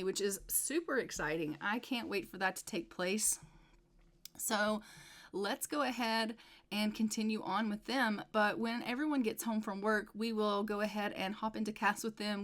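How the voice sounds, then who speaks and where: A woman's voice: mid-range voice, fairly bright tone. A woman narrating her life-sim gameplay in an upbeat, casual way, often repeating "go ahead.". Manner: upbeat, repetitive "go ahead" phrasing. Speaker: gameplay video creator.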